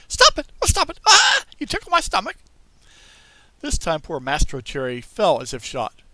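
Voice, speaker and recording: A man narrating a classic children's story in an expressive storybook style, talking to young listeners. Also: medium pitch, no echo. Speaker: audiobook reader.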